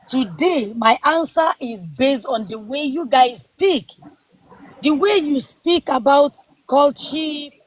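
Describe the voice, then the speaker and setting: A woman's voice: on the high side, slightly rough. A woman in her forties with a non-native English accent, arguing emphatically in a heated live panel debate and repeating rhetorical questions.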